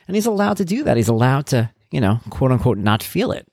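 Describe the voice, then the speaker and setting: A middle-aged man hosting a podcast, telling stories about his son in a casual, animated way and getting worked up as he talks. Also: medium pitch, fast, gravelly, few pauses, dry recording, clean studio sound. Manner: animated storytelling, gets worked up, acts out quotes. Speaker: podcast host, parent of an autistic son.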